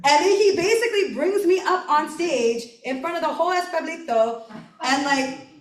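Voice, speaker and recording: A woman from the United States telling a personal story at a live event, chatty and animated, full of "like" and "right?", laughing often. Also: very high-pitched, normal speed. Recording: roomy live recording from a distance.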